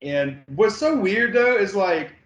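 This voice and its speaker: A man co-hosting a casual movie review chat, laid-back and halting, with many fillers and swears. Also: high voice, animated, a bit bright, roomy sound, rough recording. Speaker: podcast co-host.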